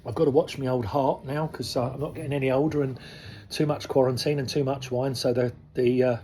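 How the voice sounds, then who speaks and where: A man's voice: medium pitch, fairly even intonation, brisk, a little hiss or hum. A man in his sixties, a koi dealer, speaking frankly and casually to his viewers, rambling through asides. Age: 60s. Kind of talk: casual talk to camera. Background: soft soul music.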